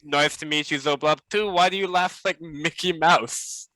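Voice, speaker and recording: Brief: bright, crisp-toned male player, dry close recording, jokey and teasing. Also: a little high, fairly even intonation, normal speed, dry recording. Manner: joking, teasing. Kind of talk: casual tabletop role-play.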